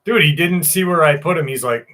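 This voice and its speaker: Guy hosting a live stream, kinda high voice, easygoing chatter, reads out a listener's story. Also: a little fast, sharp tone. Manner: casual, loose and chatty. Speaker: host. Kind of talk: live-stream chat and reading listener stories aloud.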